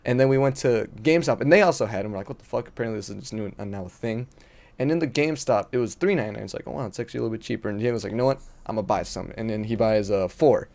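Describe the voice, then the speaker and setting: Fast-talking young man telling a story. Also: lowish voice, creaky, darkish tone. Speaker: podcast co-host. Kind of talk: casual chat.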